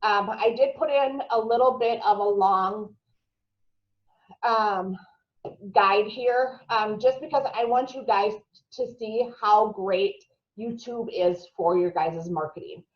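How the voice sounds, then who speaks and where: A woman with a Minnesota accent, chatty and fast, running a marketing lesson on a video call with plenty of "um"s. Her voice sits in a middling range, and the audio is roomy and a little muffled. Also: mid-range voice. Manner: chatty, filler-heavy, fast-talking. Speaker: marketing trainer. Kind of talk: live video-call presentation.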